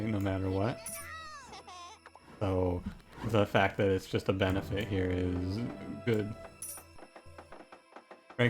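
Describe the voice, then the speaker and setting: Rambling, jokey male gaming commentator. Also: low-pitched. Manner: rambling, jokey, self-interrupting. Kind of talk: casual gameplay commentary. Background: background music.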